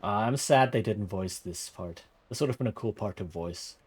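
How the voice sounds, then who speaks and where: A man's voice: on the low side, moderate pace, slightly rough. A man streaming a role-playing game, commenting with wry amusement and reading the dialogue aloud.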